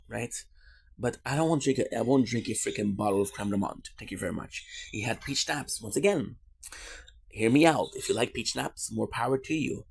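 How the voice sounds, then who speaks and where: A man's voice: medium pitch, gravelly, slightly rough. A man from Quebec, Canada, in a casual streamer monologue, rambling on goofy side tangents with swearing and jokes.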